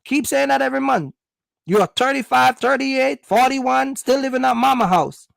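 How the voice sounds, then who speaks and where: A man's voice: very high-pitched, moderate pace, creaky, dry recording. A man from Jamaica, giving a blunt, scolding opinion monologue. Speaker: vlogger.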